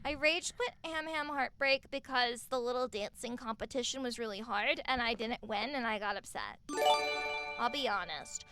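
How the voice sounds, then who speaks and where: A woman streaming live from home on a desk mic, chatting casually, excitable and swearing freely as she gushes thanks at her viewers. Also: on the high side, moderate pace, loud music behind the voice.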